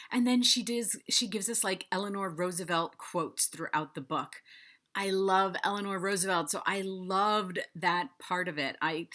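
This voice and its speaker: An enthusiastic woman reviews a favorite book in a casual vlog, speaking directly to her viewers. Her voice sits slightly low yet rings bright and forceful. She gushes, repeating her praise in quick bursts.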